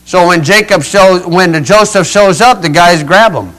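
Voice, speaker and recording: High-voiced older preacher, folksy storyteller. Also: male voice, measured pace, a bit bright, low-quality recording. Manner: folksy and dramatic, acting out voices with sudden rises and drops. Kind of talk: storytelling sermon.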